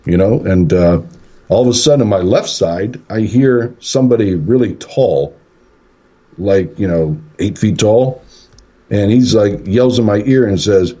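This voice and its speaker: A man's voice: lowish voice, lively intonation, normal speed, mellow, slightly rough. A man, a paranormal investigator and radio guest, rambling through a story and acting out the quotes. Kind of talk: casual storytelling on a radio show. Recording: dull lo-fi radio call.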